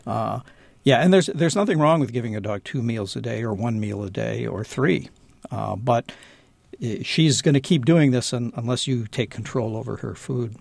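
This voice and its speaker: Gravelly, dry-miked man, studio guest on a radio call-in, explains step by step with lots of restarts. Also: mid-range voice, a little mellow, no echo. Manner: halting, many restarts, patient explaining. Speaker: dog trainer, studio guest.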